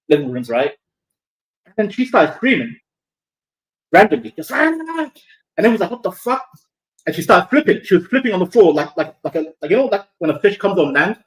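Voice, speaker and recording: A young man from Somalia tells a spooky story to his friends in loose, casual chat. He talks in an animated way, swearing freely and tripping over repeats and restarts. His voice sits a little high for a man. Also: brisk, long pauses, low-quality recording.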